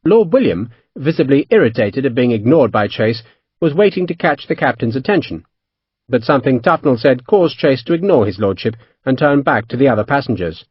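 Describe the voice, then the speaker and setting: A man narrating an audiobook in a steady storytelling manner. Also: mid-range voice, brisk, breathy edge, dry recording, highs cut off. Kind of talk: scripted narration.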